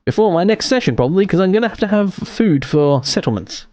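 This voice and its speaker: A man's voice: high-pitched, expressive, fast, dark tone, dry recording. Dry-sounding man chatting through his gameplay. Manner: chatty, muttering running commentary to himself. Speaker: gaming streamer. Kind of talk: casual live gameplay commentary.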